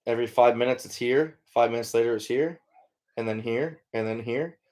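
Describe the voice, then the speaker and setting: A man's voice: mid-range voice, fairly quick, a little mellow. Easygoing middle-aged man chatting on a livestream. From Iowa. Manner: easygoing, rambling, with frequent fillers. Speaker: livestream host, trapper and hunter. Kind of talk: casual livestream chat answering viewer comments.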